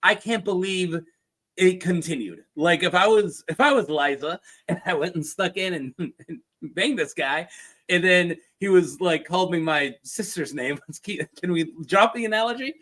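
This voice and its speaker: A man casually retelling fantasy lore as a video host, chatty and joking with quick asides. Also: high voice, animated, a bit bright. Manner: chatty, jokey asides with put-on quote voices.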